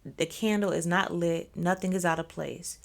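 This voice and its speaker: A woman's voice: lowish voice, normal speed, gravelly. A young woman telling a story in a casual, chatty way, with slangy asides to her viewers. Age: young adult. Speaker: storyteller host.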